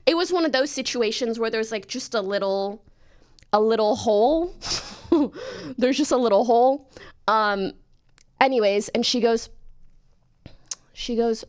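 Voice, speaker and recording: A woman from Canada, a streamer, telling a story in a casual, animated way and jumping into high voices when she quotes herself. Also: moderate pace, pauses often. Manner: animated, jumps into high-pitched voices for her own quoted lines.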